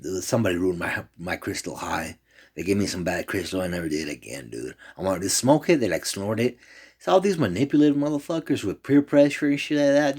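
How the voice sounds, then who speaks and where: A man's voice: low-pitched, husky. A man rambling in a loose, profane monologue, jumping from one complaint to the next.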